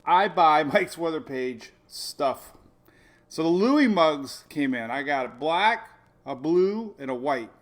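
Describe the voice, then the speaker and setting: A middle-aged man hosting a casual weather livestream, rambling excitedly and laughing often. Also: a little high, takes it slowly. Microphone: phone or webcam on a live video stream.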